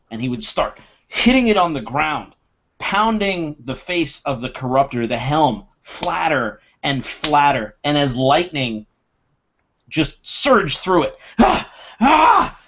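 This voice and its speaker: A man playing a tabletop game, narrating his character's actions dramatically and acting out his shouts. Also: on the high side, lively intonation, takes it slowly, highs cut off. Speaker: player.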